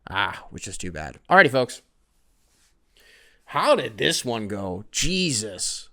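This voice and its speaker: A man's voice: lowish voice, big pitch swings, slow, bright, forceful tone. A young man hosting his own podcast alone, rambling casually with plenty of swearing and self-deprecating asides. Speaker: podcast host. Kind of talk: solo casual podcast rant.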